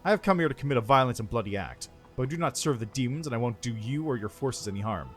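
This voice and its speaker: A man's voice: medium pitch, animated, quick pace, a bit bright, soft background music, natural voice. Give me a man voicing a defiant elf spy woman, terse and wary. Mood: guarded. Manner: curt, weary, bitter.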